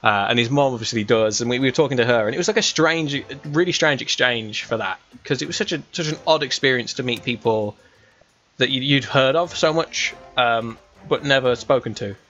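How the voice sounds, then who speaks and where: A man's voice: medium pitch, a little fast, a bit bright, highs cut off, faint music behind. A young man from England with a West Midlands accent, chatting casually while playing a game, rambling with lots of fillers and restarts. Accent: West Midlands English. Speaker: gaming streamer. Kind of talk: casual gameplay chat.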